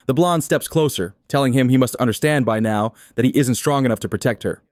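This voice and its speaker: A man retelling a comic story in steady, scripted third-person narration. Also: medium pitch, no room sound, studio quality. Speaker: recap narrator.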